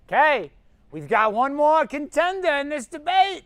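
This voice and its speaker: A woman hosting a live contest stream, teasing the players and giving orders in quick quips. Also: sits high, big pitch swings, a bit bright. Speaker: host.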